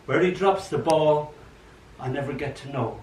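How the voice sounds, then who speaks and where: An older man reading his poems at an open mic, chatty and animated, acting out the voices in his stories. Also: a little high, moderate pace. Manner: chatty, animated storyteller who acts out quotes. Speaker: poet. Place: old library room. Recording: echoey room, mic far off, faint hum.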